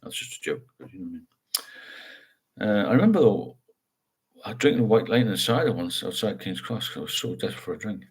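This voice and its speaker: Frank older man, low and husky. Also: sing-song, fast talker, pauses often. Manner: rambling, frank, asks tag questions. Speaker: livestream host. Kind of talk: casual live chat, reading viewer comments.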